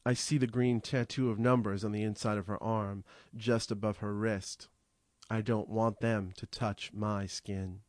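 Man reading an audiobook, thoughtful and steady, dry close sound. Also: mid-range voice, dry recording. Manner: measured, reflective, slows on vivid images. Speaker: narrator. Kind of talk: first-person audiobook narration.

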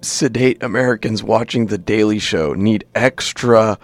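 Hoarse sarcastic radio co-host man. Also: fairly low pitch, a little slow, soft background music. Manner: sarcastic, joking. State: hoarse, lost his voice. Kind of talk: casual radio talk. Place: radio studio.

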